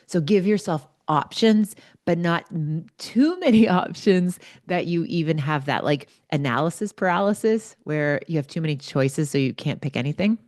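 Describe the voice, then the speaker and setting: A woman's voice: fairly low pitch, animated, normal speed, darkish tone, dry recording, clean studio sound. A middle-aged woman hosting a podcast, giving casual, chatty advice and anecdotes. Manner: chatty and anecdotal, with fillers like "like" and "right?". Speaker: podcast host.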